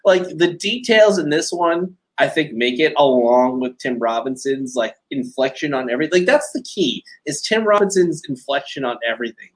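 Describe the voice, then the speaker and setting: A man with a slightly raised pitch talks through favorite comedy moments on a podcast. He is enthusiastic, swears freely and laughs while he talks. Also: moderate pace, hardly any pauses. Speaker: podcast co-host. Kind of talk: casual chat.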